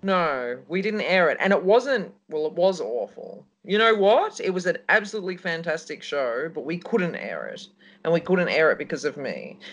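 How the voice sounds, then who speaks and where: A woman's voice: deep voice, big pitch swings, moderate pace. A woman co-hosting a casual radio talk show, telling a story in a rambling way. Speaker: co-host.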